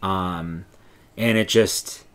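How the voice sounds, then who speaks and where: A man with a fairly low voice co-hosts a relaxed knitting podcast. He talks eagerly but wanders, circling back on his words with plenty of fillers. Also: drawn-out words. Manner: enthusiastic, meandering, lots of fillers. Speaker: podcast co-host. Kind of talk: casual knitting podcast chat.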